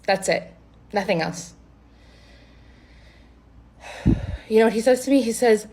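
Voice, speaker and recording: A woman's voice: a little high, slow pace, pauses often, dark tone, a little hiss or hum. A woman casually recounting a bad date to the camera, blunt and exasperated, swearing freely. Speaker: storyteller.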